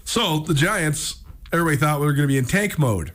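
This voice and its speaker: A man hosting a sports radio show, telling a story in casual chat, animated and laughing often. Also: fairly high pitch, quick pace.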